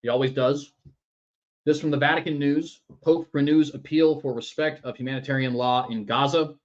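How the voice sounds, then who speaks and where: A man's voice: medium pitch, steady tone, normal speed, dull audio. A man hosting a political commentary show in a sarcastic, mocking manner. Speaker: news commentary host.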